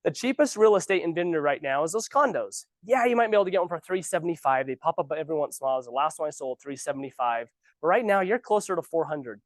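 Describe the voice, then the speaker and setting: Give me an animated, sarcastic man coaching new agents in a dry room. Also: a little high, quick pace, no room sound. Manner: animated, ranting, sarcastic asides. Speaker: real estate trainer. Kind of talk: casual training talk. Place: office training room.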